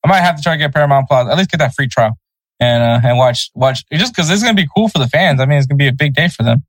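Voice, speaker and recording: A man co-hosting a casual soccer podcast, relaxed and easygoing, chuckling over tricky team names. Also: mid-range voice, rapid-fire, no room sound, low-quality recording. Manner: laid-back, chuckles over name pronunciations. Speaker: podcast co-host.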